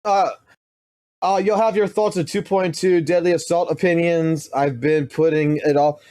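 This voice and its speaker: A man's voice: on the high side, fairly even intonation, moderate pace, warm tone, no echo, clean studio sound. A man streaming games, ranting heatedly in casual commentary and swearing constantly. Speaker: gaming streamer.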